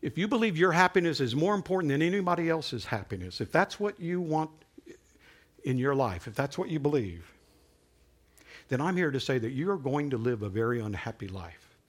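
A man preaching a sermon in a conversational, animated way, building to emphatic peaks. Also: fairly high pitch, moderate pace.

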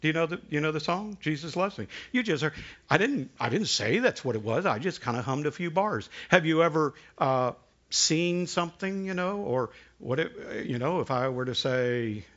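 Conversational preacher, slightly high voice. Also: male voice, expressive, normal speed, lo-fi sound. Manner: conversational preaching, rhetorical questions, dramatic hushed drops. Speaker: pastor. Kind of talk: sermon.

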